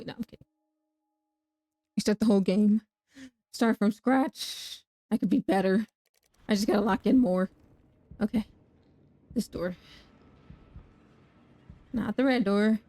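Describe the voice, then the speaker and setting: A woman's voice: medium pitch, mellow, dry recording. A young woman streaming a horror game, talking to chat, laughing and shrieking at danger. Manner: talks to chat, self-mocking. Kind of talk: live gameplay commentary.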